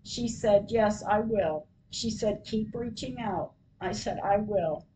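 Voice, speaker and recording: A woman podcaster reading her diary entries aloud, retelling each call in a plain, measured way. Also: medium pitch, dark tone, a little hiss or hum, poor audio.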